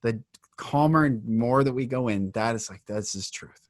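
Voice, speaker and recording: A man's voice: medium pitch, normal speed, dry recording, clean studio sound. A man hosting a podcast, enthusiastic and affirming, now and then sighing as he speaks. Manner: enthusiastic, affirming, breathy sighs. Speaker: podcast host. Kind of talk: conversational interview.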